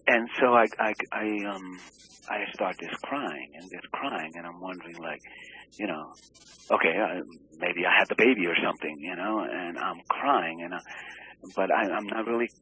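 Husky, bright-edged man telling a personal story. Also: low voice, rough recording. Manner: halting, searching for words, many restarts; earnest and emotionally open. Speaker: interviewee. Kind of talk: personal account in an interview.

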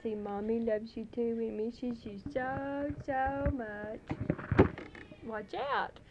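A woman's voice: a little high, steady tone, slow, highs cut off, heavy background noise. A woman talking baby talk to her infant in a coaxing, playful sing-song, speaking into a handheld tape recorder microphone at home. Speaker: mother recording a tape for her away husband.

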